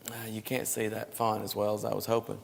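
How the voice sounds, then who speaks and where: A man's voice: on the low side, completely flat delivery, fairly quick, creaky, a little hiss or hum. A man teaching a church Bible class, explaining in a conversational way with frequent restarts. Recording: live stream with hall reverb.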